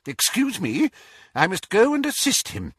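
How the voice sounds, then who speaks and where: A man voicing a brisk, proud older witch who speaks crisply, raising his voice well above his own, in an audiobook reading. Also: high voice, huge pitch swings, a bit bright, no echo, clean studio sound, voice pushed up, exaggerated voice. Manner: crisp, commanding.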